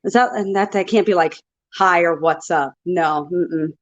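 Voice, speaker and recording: A woman's voice: on the low side, a little slow. Bubbly American woman, muffled line. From United States. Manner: bubbly, laughs easily, guessing aloud. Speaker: guest, wrestling referee. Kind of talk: casual interview chat.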